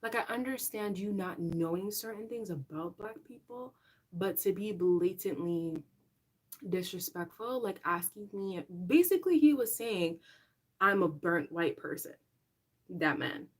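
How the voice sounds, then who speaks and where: A young woman hosting a casual livestream chat, talking straight to her viewers in an animated way and laughing often. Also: mid-range voice, a little slow. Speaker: livestream host.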